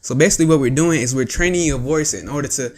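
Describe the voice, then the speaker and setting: A man's voice: a little high, fast, darkish tone, faint music behind. A man hosting a voice impression tutorial, explaining each step in a casual, repetitive, chatty way. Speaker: voice tutorial host. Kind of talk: casual instructional talk.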